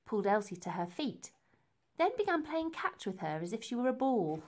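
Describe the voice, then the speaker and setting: A woman reading a children's book aloud, expressive and unhurried. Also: on the high side, a little hiss or hum. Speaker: reader. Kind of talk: storybook read-aloud.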